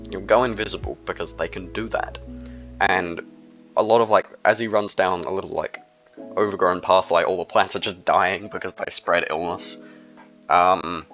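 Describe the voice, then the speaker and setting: A young man who makes solo videos rambles casually in a low, slightly bright voice, throwing in plenty of fillers and slang. The lo-fi recording sounds dull.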